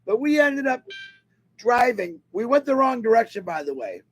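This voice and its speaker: Man, unusually high husky voice, animated webinar storyteller. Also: moderate pace. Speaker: webinar speaker. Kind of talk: personal storytelling to an online audience.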